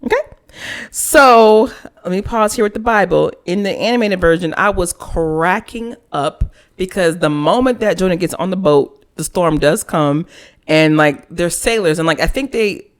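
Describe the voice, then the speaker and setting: A woman's voice: on the low side, normal speed. Woman cohost, playful chat, reads then jokes around. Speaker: podcast co-host. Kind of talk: casual chat.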